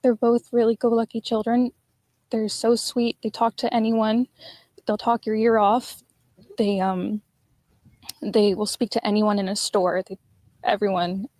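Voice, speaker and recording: A woman's voice: medium pitch, little pitch movement, darkish tone, dry recording. Mother recounting in a news clip. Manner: halting, recounting events. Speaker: mother of missing children.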